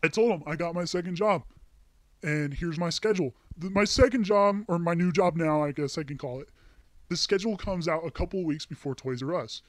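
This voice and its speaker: With no room sound behind him, a young vlogger speaks brisk and on the high side. He's ranting to the camera, heatedly and profanely recounting a bad job, with flashes of anger.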